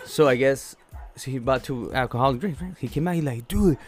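A man telling a crude story in casual chat, rambling and profane, loudly acting out what people said. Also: medium pitch, fairly quick, soft background music. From Zacatecas, Mexico family roots. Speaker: podcast co-host.

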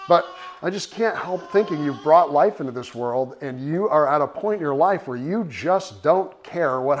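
A middle-aged man preaching a sermon, telling stories in a conversational, earnest way. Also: medium pitch. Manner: conversational storytelling, animated and earnest. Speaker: pastor.

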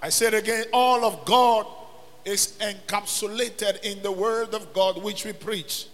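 A man preaching a sermon as pastor, building into shouts and sung phrases. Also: high-pitched, steady tone, unhurried. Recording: long reverb with faint music.

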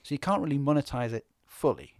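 A man on a podcast, telling stories in a lively way and acting out what people said. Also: medium pitch, fast talker, dry recording, clean studio sound. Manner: animated storyteller, acts out quotes. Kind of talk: casual podcast chat. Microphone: studio podcast microphone.

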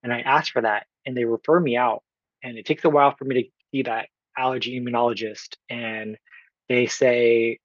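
A man's voice: medium pitch, fairly even intonation, moderate pace, no echo, lo-fi sound. A man in his twenties from Oakland, California, telling his own story as a podcast guest in an earnest way, acting out what people said to him and using plenty of fillers. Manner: earnest, retells with quoted dialogue, frequent fillers. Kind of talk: storytelling in conversation.

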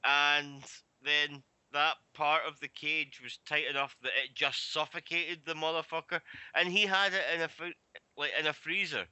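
Sweary, bright-voiced ranting man. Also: fairly high pitch, steady tone, moderate pace, clear, resonant tone, dry recording. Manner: profane, ranting storyteller. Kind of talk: casual chat.

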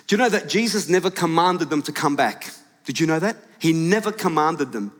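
A male pastor preaching a lively sermon to his congregation, questioning the room and shouting at its peaks. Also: high-pitched, a little fast. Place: large church hall with congregation. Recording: live church hall with long reverb.

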